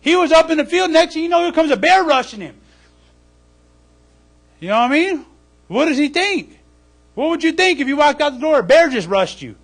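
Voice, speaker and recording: A man's voice: very high-pitched, creaky. A man pastor teaching in a live church service, acting out little scenes and checking in with the listeners by asking "okay?" again and again. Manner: animated, acts out scenes, asks "okay?" often.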